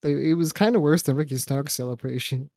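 A man's voice: fairly high pitch, fairly quick, warm tone, no echo, studio quality. A young man co-hosting a casual wrestling podcast, sarcastic and jokey, swearing freely. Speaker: podcast co-host. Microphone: microphone and headphones.

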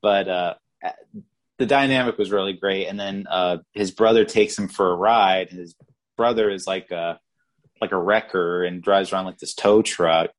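A low-voiced man co-hosting a podcast chats casually about a movie in a review-style conversation. His tone stays steady and his pace moderate, but he rambles, with many fillers and restarts.

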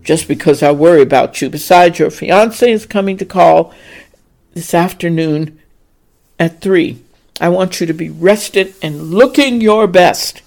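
A man's voice: high-pitched, measured pace, creaky. A woman voicing a stern, worried middle-aged plantation-owner father who bellows his words. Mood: stern scolding. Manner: bellowing, loud and blustery.

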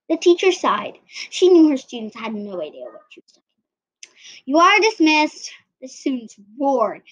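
A woman's voice: on the high side, slightly rough. A woman reading her own story aloud in an earnest, uneven way, on a dull lo-fi recording.

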